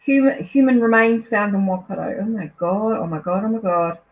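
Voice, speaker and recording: A woman's voice: medium pitch, brisk. Chatty New Zealand woman, dull lo-fi sound. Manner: chatty, easily distracted, apologetic, thinks aloud. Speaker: tarot reader hosting a live stream. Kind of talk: casual live-stream chat. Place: at home.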